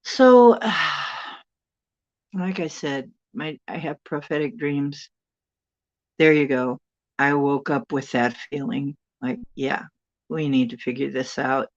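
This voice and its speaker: A woman's voice: low-pitched, slow, dull audio. A woman hosting a livestream, wandering through her thoughts as she recounts dreams and reads viewer comments. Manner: meandering, thinking aloud. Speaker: channel host.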